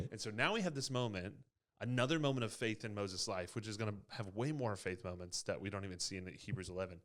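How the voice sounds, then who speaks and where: Man, low voice, casual youth ministry teaching, animated storytelling. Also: fast. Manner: animated storyteller, acts out quotes. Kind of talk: casual Bible teaching chat.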